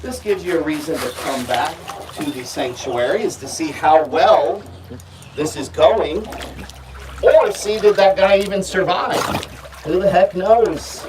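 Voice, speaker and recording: A man's voice: on the high side, measured pace, far from the mic, background noise. A man handling alligators in an outdoor enclosure and chatting playfully to visitors as he coaxes the animals. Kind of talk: casual live demonstration talk.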